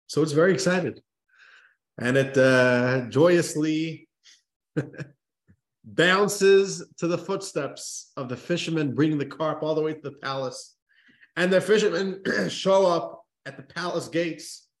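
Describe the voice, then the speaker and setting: A man's voice: on the high side, slow pace. A man, a rabbi, teaching a religious text class, telling a story and stressing points with emphatic repeated restarts. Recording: roomy echo.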